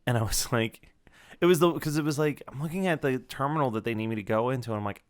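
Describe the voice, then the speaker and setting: A man's voice: mid-range voice, fast. Laughing man in his thirties. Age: 30s. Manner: animated storyteller, laughs often. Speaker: podcast guest. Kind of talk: casual chat.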